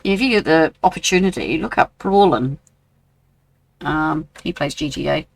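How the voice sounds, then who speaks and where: A man's voice: a little high, normal speed, gravelly, poor audio. A man in his sixties with a New Zealand accent, chatting casually with viewers while streaming a game and answering their messages. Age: 60s. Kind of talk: casual live-stream chat.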